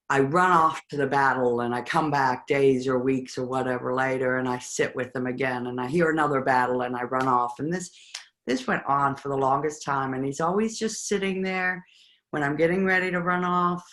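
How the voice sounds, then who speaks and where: A participant in a spiritual study group, sharing personal reflections in a halting, reflective way with pauses between words. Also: mid-range voice, fairly bright tone.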